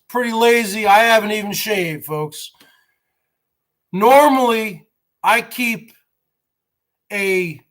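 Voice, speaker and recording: A man in his forties rambles through a vlog monologue and keeps addressing his viewers as folks. His voice sits high for a man and is bright and sharp, and he speaks at an unhurried pace. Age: 40s. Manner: talks straight to viewers, calls them folks. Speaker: show host.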